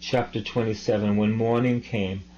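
A man preaching a sermon, reading scripture slowly and deliberately with emphatic asides. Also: fairly low pitch, little pitch movement, dark tone. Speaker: priest. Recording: dull lo-fi recording.

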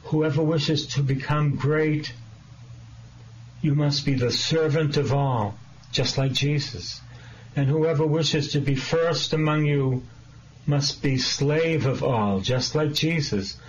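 Slow, earnest preaching priest, lo-fi. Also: male voice, medium pitch, a little hiss or hum. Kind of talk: sermon.

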